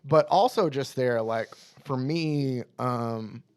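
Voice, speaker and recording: A man's voice: mid-range voice, takes it slowly, a little mellow, smooth. A young man co-hosting a podcast, earnestly retelling a comic's scenes by quoting its characters in casual chat. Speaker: podcast co-host.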